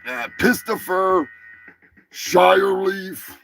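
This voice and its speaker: Man, gravelly voice, slow profane rant, comedy show host, music under. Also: high voice, rough recording. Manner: profane, rambling, yelling outbursts.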